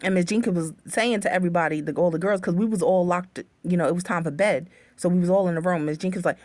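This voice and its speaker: A woman telling a story from her own life to her viewers, animated and profane, often calling them honey bunnies, speaking into a phone. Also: lowish voice, quick pace, no room sound. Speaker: livestream host.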